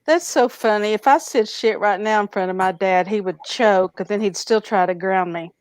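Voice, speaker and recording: A woman's voice: mid-range voice, moderate pace, clear, resonant tone, no room sound. Woman with a dry, teasing tone. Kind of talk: casual group chat.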